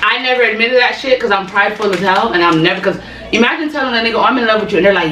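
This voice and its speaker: Young woman beauty vlogger; blunt, slangy chat, bright tone, echoey room. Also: mid-range voice, rapid-fire, slight background noise. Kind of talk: casual chat while doing makeup. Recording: echoey room, mic at a distance.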